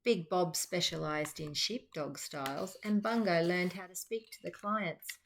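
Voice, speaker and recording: A middle-aged Australian woman and teacher reading a picture book aloud to children, with chatty, lively asides. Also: fairly low pitch, a little slow, gravelly, hardly any pauses, slight background noise. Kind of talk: children's storytime read-aloud.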